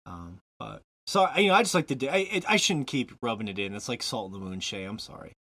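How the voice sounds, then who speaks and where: A man's voice: lowish voice, lively intonation, quick pace, a bit bright. A man from Montana hosting a casual podcast, rambling and joking, laughing often between fillers. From Montana, USA. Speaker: podcast host.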